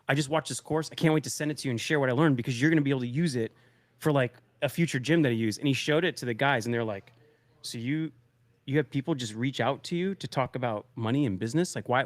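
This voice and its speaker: A man's voice: medium pitch, no echo. A man co-hosting a podcast, casually retelling a friend's travel stories with lots of filler words. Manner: rambling storyteller, quotes others, many fillers. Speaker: podcast co-host.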